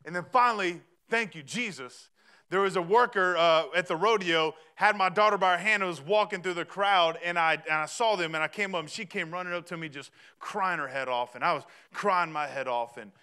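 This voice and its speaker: A man, preaching a sermon in a chatty, storytelling way that rises to shouts. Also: high-pitched, fairly quick, smooth. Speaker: pastor.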